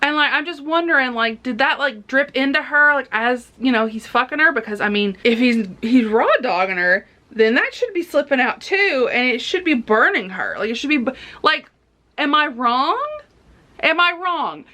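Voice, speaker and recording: A woman's voice: sits high, animated, moderate pace, pushed and bright. A woman giving a casual book review vlog, talking bluntly and animatedly about explicit content.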